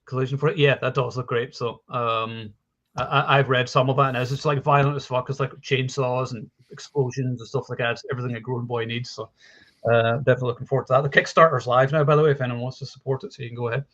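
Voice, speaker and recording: A man co-hosting a relaxed movie talk show, speaking with lively energy and plenty of fillers. His voice sits at an ordinary pitch. The audio is slightly dull and lo-fi. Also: fast. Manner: animated, swears freely, many fillers. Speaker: podcast co-host. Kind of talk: casual chat about films.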